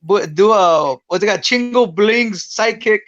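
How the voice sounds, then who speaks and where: A man's voice: high voice, normal speed, a bit bright, no room sound, lo-fi sound. A man, a guest fighter, chatting bluntly and profanely on a podcast, rambling through his points. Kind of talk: casual podcast chat.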